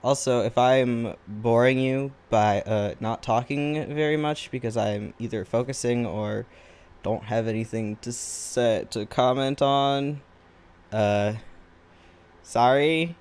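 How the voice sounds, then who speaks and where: He speaks slowly at medium pitch, his tone darkish yet clean. While drawing on camera, the tired artist chats casually and rambles, often at his own expense.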